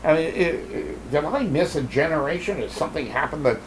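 A man's voice: on the high side, animated, slight background noise, low-quality recording. A man hosting a talk show, speaking casually with many fillers and restarts as he comments and reads aloud. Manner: halting, full of fillers and restarts.

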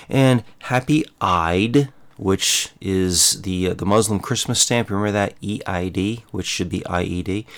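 A man's voice: lowish voice, fairly bright tone. A man hosting his own show, delivering an indignant, opinionated monologue and repeating himself as he rants. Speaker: show host.

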